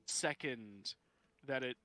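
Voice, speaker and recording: A man running a tabletop game as game master, relaxed and unhurried, laughing often. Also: mid-range voice, no echo.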